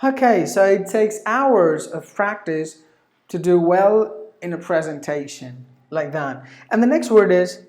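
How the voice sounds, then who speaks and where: A woman's voice: on the low side, animated, darkish tone. Woman teaching pronunciation, echoey room. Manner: repeats each word slowly several times, with filler sounds. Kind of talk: pronunciation lesson.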